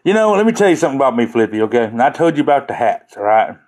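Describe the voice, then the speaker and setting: A man's voice: mid-range voice, big pitch swings, very fast, a little mellow. Laughing, rambling man on a livestream. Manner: joking, laughing often, rambling. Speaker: livestream host chatting with viewers. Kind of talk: casual livestream chat.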